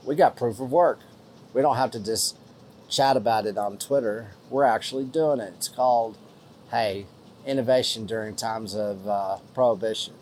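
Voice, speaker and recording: A man's voice: lowish voice, moderate pace, a little mellow, slight background noise. A man with a West Texas accent hosting a podcast, chatting in a folksy, rambling way and thanking listeners for donations. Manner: folksy, rambling, uses lots of fillers. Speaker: podcast host. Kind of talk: casual podcast chat reading listener donations.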